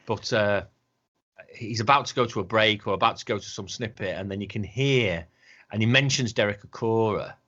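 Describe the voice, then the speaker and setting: A man's voice: fairly low pitch, normal speed, bright, forceful tone, lo-fi sound. A man co-hosting a casual podcast chat, rambling and sweary, often slipping into mock voices. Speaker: podcast co-host.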